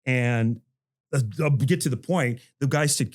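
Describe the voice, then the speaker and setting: A middle-aged man at an everyday mid pitch talks like a professor thinking out loud. His sentences keep breaking off and restarting as he wanders into asides, and he chuckles between points. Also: a little slow. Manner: rambling, many restarts and asides, chuckles while talking. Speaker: history professor on a faculty podcast. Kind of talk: casual panel discussion.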